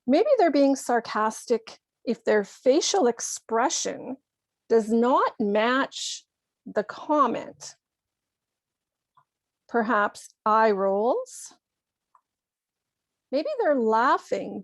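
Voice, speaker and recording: Slow, clear woman teaching English. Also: fairly high pitch, dry recording. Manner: clear, deliberate explanations with acted examples. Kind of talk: slow, careful ESL lesson.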